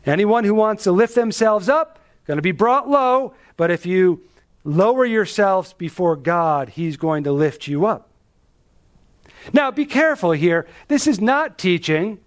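A preacher delivers an expository message with strong emphasis. Rhetorical questions recur, and at key moments his pitch drops dramatically to give his words weight.

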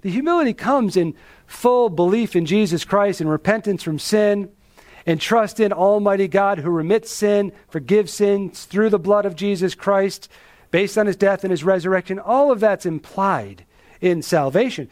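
A man's voice: normal speed, a little mellow. A man preaching an expository sermon, emphatic, asking rhetorical questions and dropping his voice for weight. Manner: emphatic, with rhetorical questions and dramatic drops in pitch.

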